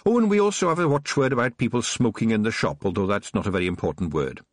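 A man's voice: on the low side, lively intonation, fast talker, dry recording, clean studio sound. A man voicing a sinister, honeyed old witch who runs a shop, gleeful and menacing. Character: sinister sugary old woman witch shopkeeper. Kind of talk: audiobook character voice.

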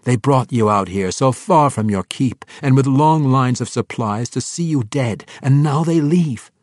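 Cool, superior dark elf envoy, unmoved and cutting, dry close read, a male narrator voicing him. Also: mid-range voice, expressive, a little slow, no room sound, voice pushed up. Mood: cold. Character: cold, aloof male dark elf messenger.

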